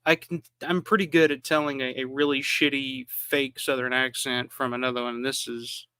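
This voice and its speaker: A man's voice: medium pitch, level tone, normal speed, pushed and bright, clear, resonant tone, no room sound. A man from the American South hosting a live watch-along, giving casual film commentary with lots of restarts and fillers. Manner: rambling, frequent restarts and fillers. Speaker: live stream host.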